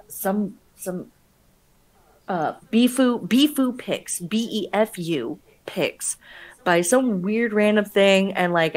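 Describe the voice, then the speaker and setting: Rambling, profane, low-pitched woman. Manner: rambling, profane, laughs often. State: sleep-deprived. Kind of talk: casual stream chat.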